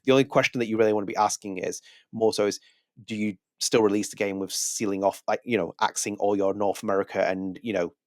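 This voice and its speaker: A man's voice: lowish voice, steady tone, fast talker, darkish tone, no room sound, clean studio sound. A man co-hosting a podcast, giving rambling, opinionated takes in casual chat. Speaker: podcast co-host.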